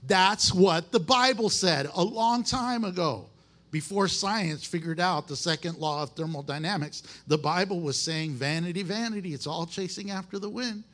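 High-voiced man preaching a folksy sermon. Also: a bit bright. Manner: emphatic and folksy, with restarts. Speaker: pastor. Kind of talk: conversational sermon.

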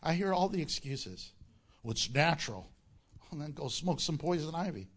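A man preaching a sermon as pastor, animated and joking, often laughing at his own lines. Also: on the high side, a little fast.

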